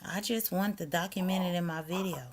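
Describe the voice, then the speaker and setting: A woman vlogging on her phone at night, talking to her viewers in a chatty, incredulous way, sometimes dropping to a hush. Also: lowish voice, steady tone, a little fast. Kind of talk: casual commentary to viewers. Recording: noisy phone recording, snoring behind.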